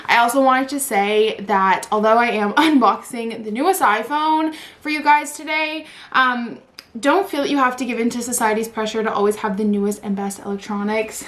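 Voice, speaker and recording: A vlogger in her twenties unboxes a new phone, gushing and squealing with excitement and saying "like" and "oh my god" constantly. Her voice is fairly high, at a moderate pace.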